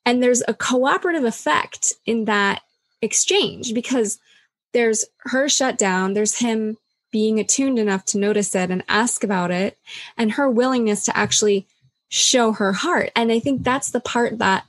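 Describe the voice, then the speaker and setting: A woman's voice: on the high side, a little slow, dry recording. A woman in casual conversation, speaking candidly and reflectively, with lots of "like" and acted-out quotes. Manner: reflective and candid, filler-heavy, acts out quoted dialogue.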